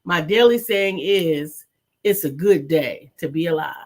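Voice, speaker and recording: A woman's voice: low-pitched, a little slow. Playful woman host teasing on a live show. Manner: playful and teasing, laughs easily. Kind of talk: casual live-show chat reading viewer comments.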